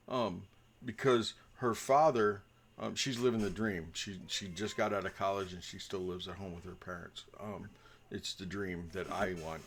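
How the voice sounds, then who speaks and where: A man's voice: on the low side, normal speed. A man talking casually as dungeon master before a tabletop game, rambling and joking with lots of ums.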